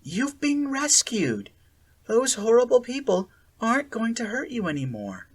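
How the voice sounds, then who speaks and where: Narrator doing a sweet sing-song captor woman, gentle and cool, lilting, slow, husky edge. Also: medium pitch, very animated, pitched above the performer's own voice. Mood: sing-song soothing. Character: falsely sweet adult American woman captor.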